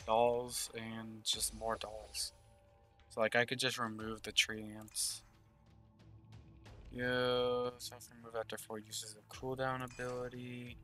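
A man's voice: medium pitch, flat delivery, slow pace, bright, forceful tone, faint music behind. A man giving casual gameplay commentary, thinking aloud and murmuring game text as he plays. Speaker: gaming channel host.

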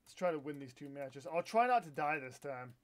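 An excitable young man talks his way through a live game stream, swearing freely and flaring up into loud frustration. His voice sits high for a man. His talk is loose and quick to react. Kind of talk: live gameplay stream commentary.

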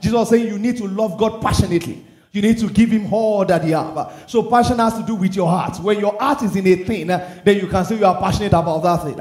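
Guy preaching, earnest and emphatic, lots of questions to the crowd, high voice, echoey. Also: darkish tone. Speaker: pastor. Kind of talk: sermon.

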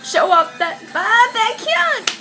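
A young woman hosting a reaction video, excitable, shrieking and laughing as she comments. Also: extremely high pitch, takes it slowly, faint music behind.

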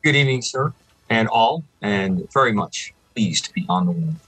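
A man's voice: fairly low pitch, animated, moderate pace, a bit bright, slightly rough, dry recording, poor audio. A man co-hosting a radio show over a video call, telling wry, rambling stories. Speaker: co-host. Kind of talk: casual banter on a radio show.

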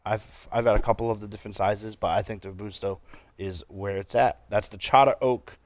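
A man with a New England accent co-hosting a casual chat, relaxed and halting with lots of fillers. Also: lowish voice, no room sound. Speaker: podcast co-host.

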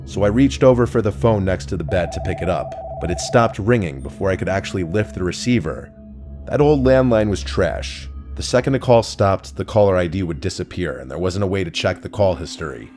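A man narrating a true horror story in a calm, measured, scripted way. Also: low voice, faint music behind.

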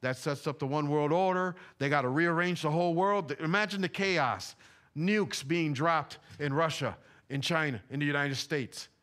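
A man's voice: on the high side, moderate pace, a bit bright. A man preaching a sermon in a church, talking in a loose, conversational way with slang and repeated phrases. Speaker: pastor. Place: church sanctuary.

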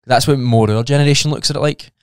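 A man's voice: mid-range voice, steady tone, fast talker, clean tone, no room sound, studio quality. A Scottish man chatting casually as a guest on a podcast, talking bluntly with plenty of swearing.

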